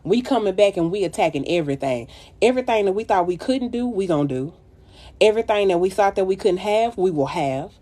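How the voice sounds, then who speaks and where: A woman's voice: medium pitch, expressive, a little fast, dark tone. A woman streaming live and giving her followers a blunt, profane, preachy pep talk. She calls her listeners baby and child. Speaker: makeup artist livestreaming.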